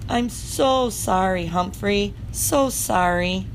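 A woman voicing a kind young schoolgirl who speaks softly and soothingly to a pet in a storybook reading. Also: mid-range voice, expressive, slow, a little hiss or hum. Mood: tender.

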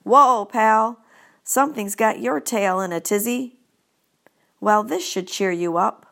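A woman putting on a jolly male school janitor, booming and cheerful, pitched well above her own low voice and thrown out loudly. He sounds friendly and full of pep in a storybook reading. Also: takes it slowly, creaky, exaggerated voice. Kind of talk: audiobook character voice.

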